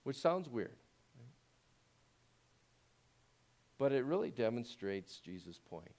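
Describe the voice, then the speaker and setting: A man preaching a sermon as pastor, talking conversationally and asking the congregation rhetorical questions, growing louder when he presses a point. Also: very animated, slow. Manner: grows louder and higher when making a point.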